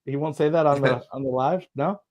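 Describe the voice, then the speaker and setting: A man co-hosting a casual podcast chat during a football match, rambling, swearing and trailing off softly. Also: mid-range voice, a little fast, a loud crowd. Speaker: podcast co-host.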